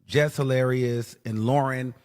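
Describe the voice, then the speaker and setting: A man's voice: medium pitch, fairly even intonation, a little slow, darkish tone, smooth, big-room sound. A man talking through an online commentary video, hesitant with many fillers. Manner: hesitant, many ums and uhs.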